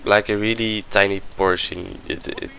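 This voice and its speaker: A man's voice: on the low side, steady tone, normal speed, gravelly, pushed and bright, a little hiss or hum, low-quality recording. Hesitant man rambling through a game review. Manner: hesitant, rambling, many restarts and searching for words. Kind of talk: casual gameplay commentary voice-over.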